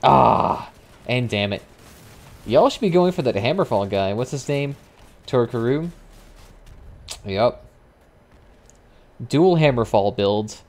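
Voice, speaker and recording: A young man streaming a vehicle combat game, chatting casually with swearing and sudden excited outbursts as he plays. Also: medium pitch, slow pace, pauses often. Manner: casual, profane, excitable reactions. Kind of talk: live gameplay commentary.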